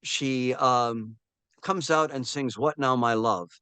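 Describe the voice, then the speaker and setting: Slow and clean-toned, with a mid-range voice on a dry recording, a film historian in his seventies tells animated stories in a casual interview. He acts out the voices he quotes and often restarts, with frequent fillers.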